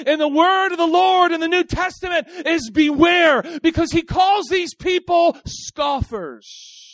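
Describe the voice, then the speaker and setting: A man preaching a sermon in a high, bright voice. He jumps from loud outbursts to hushed asides and talks to the congregation as if chatting with friends. The sound is dry and close, with no room echo. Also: a little slow. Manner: animated, swings between loud outbursts and quiet asides; casual, talks straight to the congregation.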